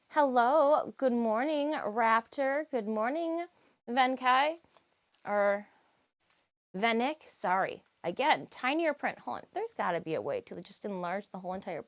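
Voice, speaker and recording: A woman's voice: a little high, animated, measured pace. A woman live streaming, chatting casually, greeting viewers by name and grumbling about her cats.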